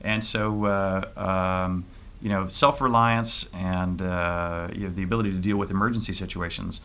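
A low-pitched man with a bright, forceful tone, answering questions in an interview. He is middle-aged and speaks haltingly, filling gaps with "uh" and "you know" and restarting his sentences. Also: steady tone. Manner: halting, many fillers and restarts. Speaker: interview guest, private spaceflight trainee.

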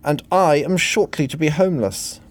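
A man's voice: a little high, moderate pace, pitched above the performer's own voice, natural voice. A man voicing a prim, sentimental woman heroine in a satirical reading. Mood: earnest. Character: earnest, soulful woman heroine.

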